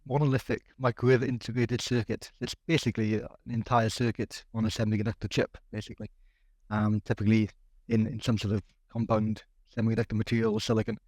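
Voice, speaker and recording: Fast-talking Welsh man, flat delivery. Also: on the low side, dry recording. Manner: hesitant, repeats words, laughs lightly. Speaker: guest, technology executive. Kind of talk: casual interview.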